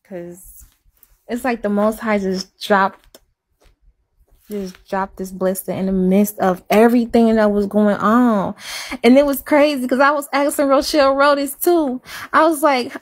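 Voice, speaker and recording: Rambling woman in casual confessional chat. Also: a little high. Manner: rambling, repeats herself, soft and hushed at times. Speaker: live-stream chatter.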